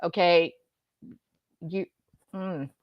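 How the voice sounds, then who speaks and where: A woman's voice: lowish voice, fairly even intonation, drawn-out words, no room sound, muffled recording. A woman host giving mocking, sarcastic commentary on a court hearing.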